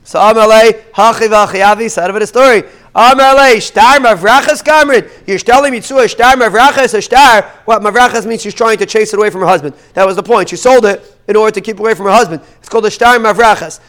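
A Talmud teacher leads a daily class, reading the Aramaic text and explaining it in English. He speaks fast in a high, clean, resonant voice, keeping things lively with rhetorical questions.

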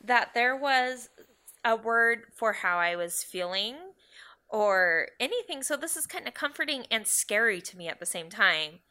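A young woman co-hosting a casual podcast, with a bright, clear tone. She talks earnestly and reflectively, her sentences often trailing off as she thinks. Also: on the high side, lively intonation, measured pace. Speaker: podcast co-host.

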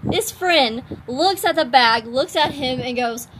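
Giggly, high-voiced young woman. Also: lively intonation, a little slow, a bit bright, a little hiss or hum, poor audio. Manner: giggly, chimes in with teasing remarks. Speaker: friend in a chat. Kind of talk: casual chat.

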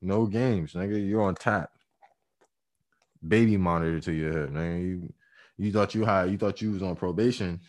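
A man co-hosting a casual chat, telling animated, profane, jokey stories. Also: low-pitched, normal speed.

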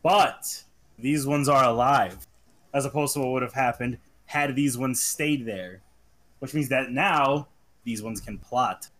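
A man's voice: mid-range voice, a little slow, fairly bright tone. A man playing a tabletop game, speaking in character with an odd third-person manner. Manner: speaks of self as "this one". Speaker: player.

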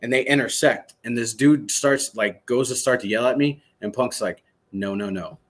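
A man in his thirties from Michigan, a former soldier, telling a story as a podcast guest in an animated, excited way, swearing freely. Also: medium pitch, moderate pace. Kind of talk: casual storytelling interview.

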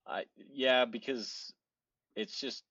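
A man who referees, a guest on a casual podcast, speaking haltingly and restarting his sentences. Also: mid-range voice, a bit bright, husky, dry recording, lo-fi sound.

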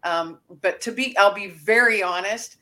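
A woman's voice: medium pitch, moderate pace, sharp tone. A woman author chatting earnestly as a podcast guest. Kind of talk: casual podcast interview.

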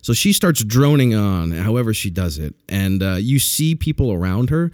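A man's voice: lowish voice, big pitch swings, moderate pace, darkish tone, dry recording. A man hosting a podcast in casual chat, crude and laughing a lot as he tells stories. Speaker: podcast host.

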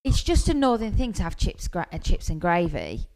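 Low, lively woman. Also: normal speed. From England, north. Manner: explains British things chattily. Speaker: co-host. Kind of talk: casual podcast chat.

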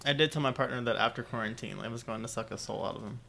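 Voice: mid-range voice, rapid-fire, gravelly, pushed and bright. A young adult podcast co-host chatting casually and playfully, laughing often. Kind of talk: casual chat.

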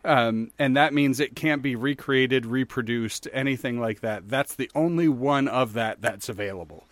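Chatting casually as a podcast co-host, a man rambles through a story packed with fillers. He speaks at a normal speed in a medium pitch, and the recording has no room sound.

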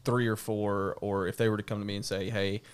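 A man, a pastor guest on a podcast, talking casually in an animated, emphatic way, often laughing and restarting his sentences. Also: lowish voice, a little fast, a little hiss or hum.

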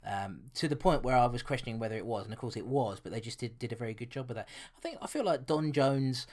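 A man's voice: mid-range voice, lively intonation, fast talker, a little mellow. Chatty man reviewing a film. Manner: chatty, hesitant, many restarts. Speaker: podcast co-host. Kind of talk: casual film review chat.

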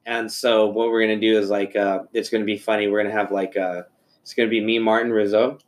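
A man's voice: lowish voice, fast. Profane, storytelling comedian man. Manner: profane, animated storytelling with quoted voices. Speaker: podcast host. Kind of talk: casual chat.

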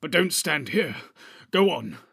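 A man voicing an old male wizard, stern and commanding, giving urgent, forceful orders in a husky voice in an audiobook reading. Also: on the high side, big pitch swings, measured pace, full character voice. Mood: shaken, urgent.

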